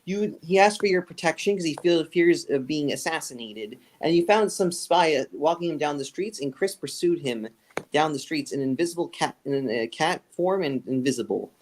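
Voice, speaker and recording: A man with a slightly high voice running a tabletop game session. He narrates loosely, rambling and correcting himself mid-sentence as he describes the scene. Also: expressive, normal speed, a little hiss or hum. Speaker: game master.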